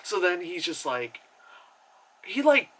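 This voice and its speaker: A man rambles through a movie recap in a casual review vlog, sarcastic and loose with the swearing. His voice sits a little high, with a bright, sharp edge. He leans on endless fillers and restarts as he goes. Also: very animated, slow pace, slightly rough, rough recording.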